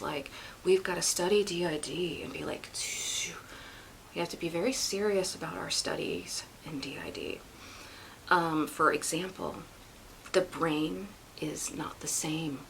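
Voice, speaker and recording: A woman imitating an overly serious, boring female lecturer in a flat, hushed, half-whispered voice. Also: lowish voice, creaky, a little hiss or hum, voice pushed down, low-quality recording.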